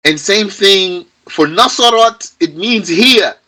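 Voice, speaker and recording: A man teaching grammar to a live class, slow and lively in pitch, often repeating himself for emphasis. His tone is bright with a slightly husky edge. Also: rough recording. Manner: patient, repeats key points, emphatic stress.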